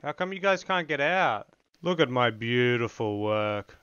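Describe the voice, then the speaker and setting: A young man hosting crude, sarcastic gameplay commentary, mocking other players with deadpan jokes. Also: medium pitch, measured pace, clear, resonant tone, no room sound, highs cut off. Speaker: gaming video host.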